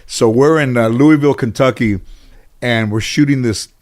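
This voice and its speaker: A man's voice: medium pitch, normal speed, a little mellow. A middle-aged American man, a comedian and actor, telling stories as an interview guest in a casual, rambling way, full of fillers and restarts.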